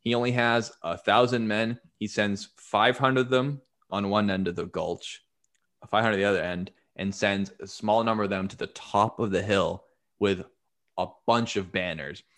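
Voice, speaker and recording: A man's voice: on the low side, moderate pace. A man casually retelling history on a podcast, swearing freely and acting out what people said. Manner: profane, animated retelling with acted-out quotes. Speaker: podcast host telling history. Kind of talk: casual storytelling chat.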